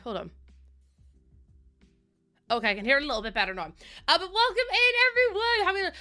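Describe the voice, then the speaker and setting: Bright, high-voiced bubbly woman streamer. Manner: bubbly, chatty, giggly. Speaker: live streamer. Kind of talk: casual live-stream chat.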